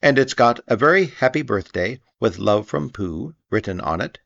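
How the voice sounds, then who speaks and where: A man's voice: mid-range voice, expressive, moderate pace, vocal fry, fairly bright tone, pitched above the performer's own voice. A man voicing a cheerful, simple young male teddy bear who speaks eagerly, in a storybook reading. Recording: dull lo-fi recording.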